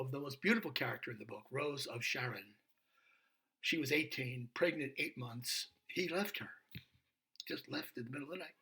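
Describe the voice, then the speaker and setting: An older man, a priest, retelling a story in a video reflection, animated and dropping to a hushed whisper for emphasis. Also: a little high. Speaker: Episcopal priest.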